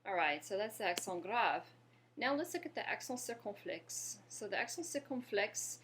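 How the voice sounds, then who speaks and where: A woman from Louisiana teaching a French lesson, patiently explaining and pausing to have listeners repeat after her. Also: mid-range voice, very animated, a bit bright, a little hiss or hum. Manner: patient, slows down to model pronunciation and asks viewers to repeat. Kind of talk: language lesson.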